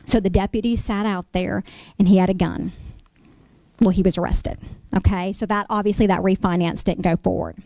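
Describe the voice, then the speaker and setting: A woman's voice: mid-range voice, steady tone, moderate pace, vocal fry, mellow, no echo. A middle-aged woman, a real estate attorney, lectures an audience through cautionary stories and keeps checking in with "okay?".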